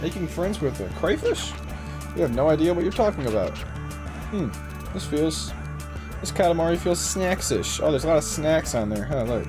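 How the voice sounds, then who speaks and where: A male streamer giving casual live commentary on a game, reacting with frequent swearing. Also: a little high. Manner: profane, reactive, animated. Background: video game music.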